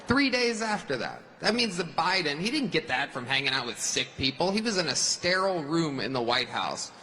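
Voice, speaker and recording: A man's voice: fairly high pitch, big pitch swings, moderate pace, bright, forceful tone, a little hiss or hum, rough recording. A man performing a mocking stand-up set at a rally in a large arena. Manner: mocking punchline delivery. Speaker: stand-up comedian.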